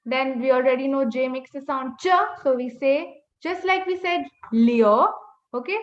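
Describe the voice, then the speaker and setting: A woman's voice: high voice, moderate pace. A woman teaching an online class, patiently drilling words and correcting pronunciation over and over. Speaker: language teacher. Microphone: video call. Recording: echoey, dull webinar audio.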